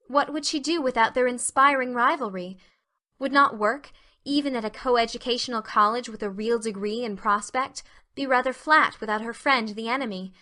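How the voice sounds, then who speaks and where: A woman reading classic fiction aloud as narrator, her voice bright and ringing and pitched a little high. Her storytelling is expressive and carefully paced. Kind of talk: scripted narration of a classic novel.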